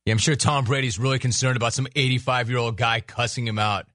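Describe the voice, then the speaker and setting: On his sports talk radio show, a man fires off quick sarcastic riffs that mock his subjects. His mid-range voice holds a steady, fairly bright tone. The audio is dry and close-miked, with no room sound.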